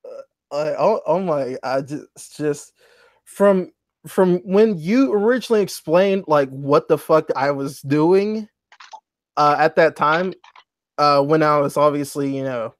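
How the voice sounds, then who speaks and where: A man's voice: fairly high pitch, takes it slowly, dry recording, clean studio sound. A man co-hosting a live stream, laid-back and profane in casual chat, laughing often.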